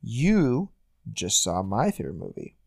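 A man's voice: on the low side, unhurried, vocal fry. A man hosting a podcast, chatting casually and joking around with puns. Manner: joking, punning, animated storyteller. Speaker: podcast host. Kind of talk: casual chat.

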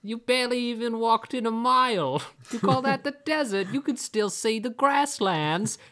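A woman voicing a scornful female adventurer who mocks a boastful companion, in a high, shrill tone. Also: normal speed, fairly bright tone, natural voice. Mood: mocking.

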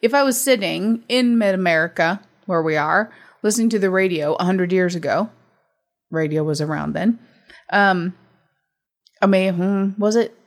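A woman's voice: on the low side, normal speed. A woman co-hosting a casual movie review, dry and teasing with wry asides. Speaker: podcast co-host.

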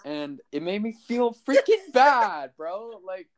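A young man co-hosting a podcast in casual chat, animated and jokey, venting and laughing. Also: high voice, takes it slowly. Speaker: podcast co-host.

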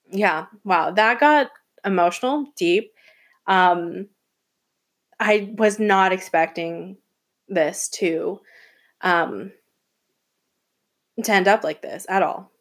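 A young woman from Atlanta hosting her own student podcast, talking emotionally and rambling with restarts and laughs. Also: medium pitch. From Atlanta, Georgia. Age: young adult. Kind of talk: casual solo podcast monologue.

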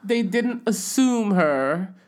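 A woman's voice: medium pitch, expressive, slow, a little mellow. A middle-aged American woman telling stories in casual conversation. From United States. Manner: chatty storyteller. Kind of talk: casual chat.

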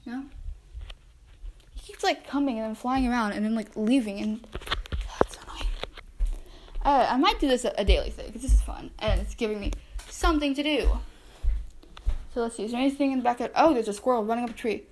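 A young woman with a fairly high, slightly mellow voice talks briskly and pauses often, over a faint hiss or hum. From home, she hosts a casual solo podcast, narrating the wildlife outside her window, easily distracted and talking straight to the animals.

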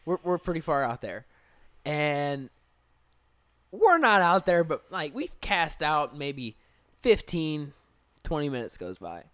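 Male podcast co-host, animated, bright voice, blunt joking banter. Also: on the high side, slow pace, long pauses, no room sound. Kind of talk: casual chat.

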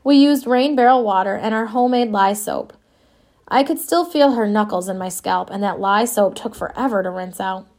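A woman's voice: mid-range voice, normal speed, darkish tone. A woman reading an audiobook in the first person, with a wistful, wry storytelling manner. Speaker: audiobook narrator. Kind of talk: scripted first-person narration.

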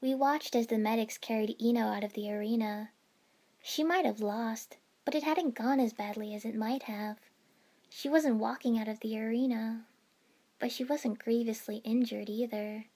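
A woman's voice: fairly high pitch, moderate pace, mellow. Woman narrating a first-person story. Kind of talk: reading fan fiction aloud.

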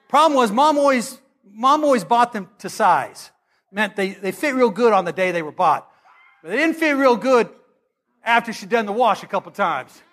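A middle-aged man, preaching a storytelling sermon. He is animated and humorous, and swings between loud and hushed. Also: very high voice.

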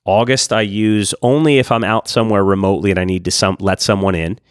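Male podcast co-host, lowish voice, relaxed rambling chat, dry close sound. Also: fast, clean tone, no echo. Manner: relaxed, rambling with restarts and frank asides. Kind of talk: casual chat.

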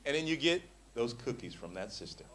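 A man's voice: mid-range voice, brisk. A middle-aged man preaching a sermon in a church, acting out the voices of the people in his stories. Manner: animated, acts out quoted voices. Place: church hall.

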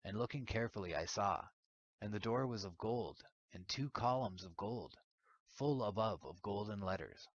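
A man reads an ancient text aloud in a solemn, measured way. His voice sits very low. The recording is dull and lo-fi. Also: animated, no room sound. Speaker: audiobook reader. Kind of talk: scripted narration of an ancient text.

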